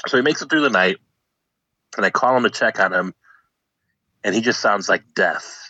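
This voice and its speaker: Speaking at a moderate pace in a lowish voice, a young man recounts a humorous personal tale and brings its characters to life with lively impressions. There's no room sound, and the audio is dull, dry and lo-fi.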